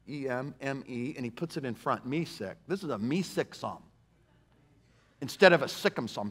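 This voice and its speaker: A male pastor preaching a sermon, animated and repetitive for emphasis, swinging between loud declarations and hushed passages. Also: fairly high pitch. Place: church sanctuary. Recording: sanctuary with long reverb.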